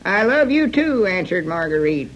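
A doddering old country grandpa in a 1940s radio comedy, his voice pitched high and thin. He drawls along, lost in his own reading. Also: big pitch swings, normal speed, a bit bright, highs cut off, exaggerated voice. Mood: dreamy. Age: older. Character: old rural grandpa, absent-minded bookworm.

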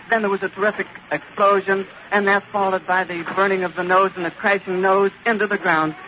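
A distraught man reports live, stammering and out of breath. His voice is strained and very high. The sound is a dull, lightly hissing archival recording from the 1930s. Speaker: radio reporter. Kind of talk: live eyewitness commentary. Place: airfield outdoors.

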